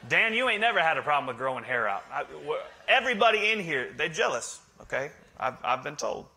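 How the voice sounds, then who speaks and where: A man's voice: on the high side, very animated, fairly quick, gravelly, pushed and bright. A male pastor preaching a sermon in a joking, conversational way, teasing his congregation. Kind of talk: humorous sermon.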